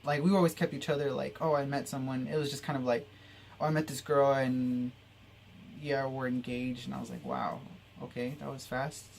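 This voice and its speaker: A man's voice: medium pitch, flat delivery, brisk, gravelly, a little mellow, a little hiss or hum. A young man telling a personal story in a vlog, rambling and heartfelt with lots of fillers. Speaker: vlogger.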